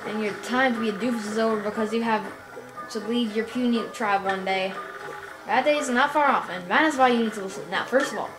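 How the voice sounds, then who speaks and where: A cranky old tribal elder, as a woman puts her on, barks orders and grumbles in a fairly high voice. She scolds, forgets things and bosses the young ones around. Game music plays in a roomy space behind her. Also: brisk, close to an everyday voice. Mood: scolding.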